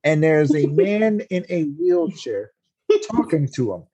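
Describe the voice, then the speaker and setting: A man with a slightly high voice tells a story casually on a podcast. He curses freely and gets animated, his voice leaping up when he acts out what people said. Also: a little slow, husky. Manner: animated, jumps to high-pitched outbursts when quoting; profane, laughing storyteller. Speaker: podcast host.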